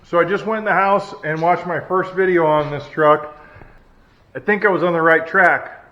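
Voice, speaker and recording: A man's voice: on the high side, fairly even intonation, moderate pace, bright, forceful tone. A man chatting casually while he works on an old truck in his garage, joking about himself as he goes. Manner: chatty, self-deprecating, talks while working. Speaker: hobby mechanic restoring a truck. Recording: dull lo-fi audio with faint noise. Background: logging machinery next door.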